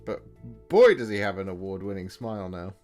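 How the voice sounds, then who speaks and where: A man's voice: low voice, very animated, a little fast, a little mellow, soft background music. A man hosting a hobby live stream, chatting casually and playfully with viewers, laughing often and trailing off while he works. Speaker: livestream host painting miniatures.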